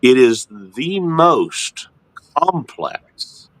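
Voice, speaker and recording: A middle-aged man hosting a casual ministry chat, explaining in a lively, halting way with frequent restarts. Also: no room sound. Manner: animated, repeats and restarts words, jumps into high mock voices. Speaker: ministry host.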